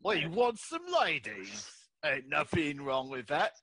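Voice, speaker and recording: A player voicing a rough, leering male miner in a put-on Cockney accent in an improvised tabletop game. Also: mid-range voice, big pitch swings, a bit bright, no room sound, exaggerated voice. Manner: crude, boisterous, slow drawl. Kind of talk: improvised tabletop role-play.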